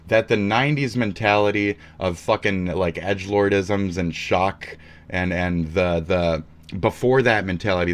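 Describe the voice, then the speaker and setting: Streamer, male, very deep voice, rambling profane rant. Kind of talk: ranting live stream commentary.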